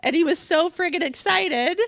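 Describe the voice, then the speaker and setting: A middle-aged woman tells a comic personal story, animated, laughing often and acting out other people's voices. Her voice is very high-pitched and creaky at a normal speed, with no room sound in the recording.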